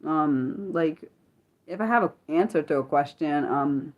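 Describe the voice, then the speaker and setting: A young woman chats casually on her livestream and answers viewers by name. Her voice sits a little low, and she laughs easily and keeps apologizing with a loose, friendly ramble. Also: measured pace, highs cut off. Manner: chatty, apologetic, laughs often; talks straight to chat viewers by name. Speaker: livestream host.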